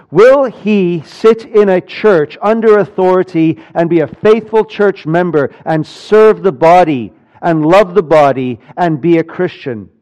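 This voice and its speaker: A man preaching a sermon, telling a personal story with animated swings between loud and hushed delivery. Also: high voice, highs cut off. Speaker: pastor.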